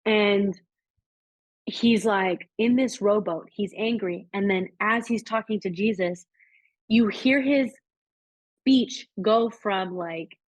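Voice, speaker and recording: A woman's voice: mid-range voice, slow pace, no room sound. A woman co-hosting a podcast, talking casually and rambling with lots of likes and restarts. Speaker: podcast co-host. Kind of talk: casual spiritual chat. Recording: dry, slightly dull sound.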